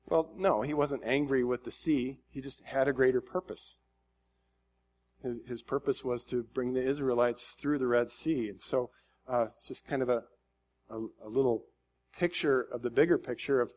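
A man teaching from the Bible in a relaxed, conversational way, often restarting phrases and reading scripture aloud with rising emphasis. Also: mid-range voice, moderate pace. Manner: casual, thinking aloud with frequent restarts.

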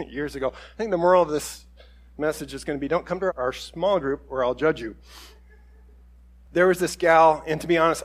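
A man preaching a conversational sermon, telling stories with quoted voices and self-deprecating humor. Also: fairly high pitch. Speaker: pastor.

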